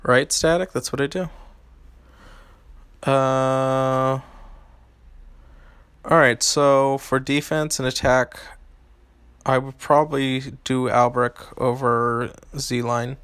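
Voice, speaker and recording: A young man streams a mobile game, reading chat questions aloud and answering them loosely and hesitantly, with plenty of ums and restarts. His mid-range voice is flat, slow, a bit bright and smooth, with frequent pauses. There's no room sound in this casual live-stream chat.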